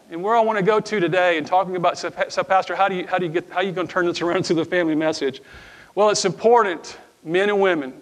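High-voiced preaching pastor, man. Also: fast talker. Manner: repeats words, calls for congregation responses. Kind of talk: sermon with scripture reading and prayer. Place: church sanctuary before a congregation.

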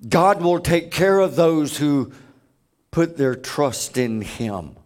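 Male preacher, slow and emphatic, storytelling sermon, fairly high voice. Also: expressive, darkish tone.

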